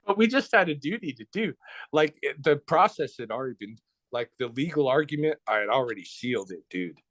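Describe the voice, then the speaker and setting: A middle-aged man from the Blackfoot Nation, talking as an interview guest in a blunt, profane, relaxed storytelling way. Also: mid-range voice, fairly quick, no echo. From Blackfoot Nation, North America. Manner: relaxed, conversational, with short restarts.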